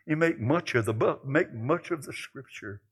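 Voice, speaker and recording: An older man preaching a sermon, telling folksy stories and moving between quiet musing and loud exclaiming. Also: mid-range voice, animated, normal speed, husky. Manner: folksy storytelling.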